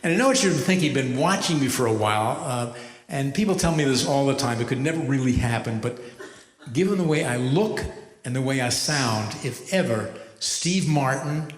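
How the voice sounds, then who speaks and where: A man in his seventies, a rabbi doing stand-up comedy, telling stories with a wry, measured delivery and deadpan punchlines. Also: mid-range voice, a little hiss or hum. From United States. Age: 70s. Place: large hall with a live audience. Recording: echoey hall from far off.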